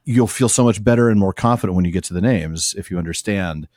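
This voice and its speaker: A man's voice: low-pitched, fast, a little mellow, no room sound, studio quality. A man co-hosting a podcast, reading passages aloud and breaking them down in casual discussion. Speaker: podcast co-host.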